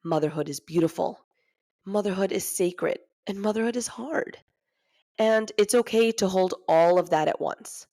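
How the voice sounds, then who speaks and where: A woman's voice: mid-range voice, normal speed, dark tone. A woman in her thirties hosting a casual podcast, chatty and candid, often laughing as she talks. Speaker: podcast host. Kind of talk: casual chat.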